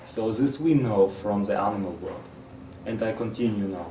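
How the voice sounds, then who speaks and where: A man's voice: on the low side, normal speed, warm tone. A man who speaks natively, reading a text aloud with his own asides. He often halts, repeats words and restarts phrases. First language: Russian. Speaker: presenter. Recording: roomy, distant mic, faint hiss.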